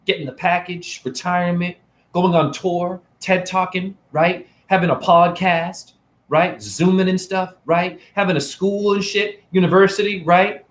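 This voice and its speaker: A little slow and with fairly even intonation, this man's high voice is captured on a phone camera with a bit of hiss or hum. Acting as a self-styled spiritual guide on a live stream, he lectures and taunts viewers, peppering them with rhetorical questions and "right?".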